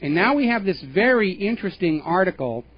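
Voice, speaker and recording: A man hosting a talk radio show, delivering opinionated political commentary with emphatic, pointed phrasing and scornful asides. His voice sits a little high for a man, and the broadcast sound is dull and lo-fi. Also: big pitch swings, a little fast, breathy edge.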